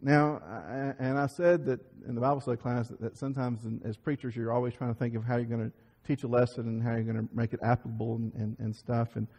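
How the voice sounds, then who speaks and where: A man preaching a Sunday sermon, telling stories in a lively way, acting out quoted voices and often restarting his sentences. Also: medium pitch, quick pace, slightly rough. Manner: animated storytelling, acts out quoted voices, many restarts. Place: church sanctuary. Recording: church sermon audio with long reverb.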